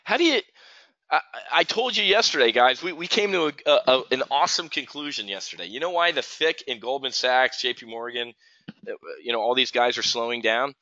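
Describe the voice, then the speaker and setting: A man's voice: a little high, bright, forceful tone, no echo. A middle-aged man from New Jersey hosting a live options trading stream, ranting and replying to viewers in chat by name. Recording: dull lo-fi stream audio.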